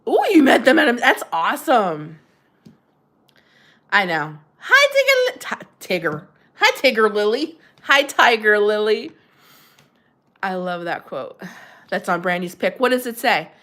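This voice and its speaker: A woman's voice: medium pitch, wildly swooping pitch, unhurried, fairly bright tone. Chatty middle-aged lady on a livestream, voice bouncing all over, giggles a lot. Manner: chatty, giggly, answers chat comments aloud. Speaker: livestream host. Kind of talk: casual livestream chat with viewers.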